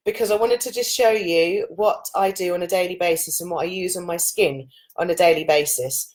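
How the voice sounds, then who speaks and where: A woman in her late thirties, a yoga and oils teacher, chatting informally to camera with a husky voice and loose, run-on explanations. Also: on the low side, brisk, hardly any pauses. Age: 30s. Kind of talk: casual chat to camera.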